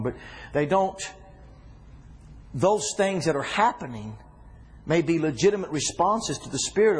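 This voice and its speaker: A man preaching a sermon to a congregation in a church, talking casually to the room and breaking into loud shouts. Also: fairly high pitch, slight background noise. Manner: animated, shouting bursts and conversational asides to congregation.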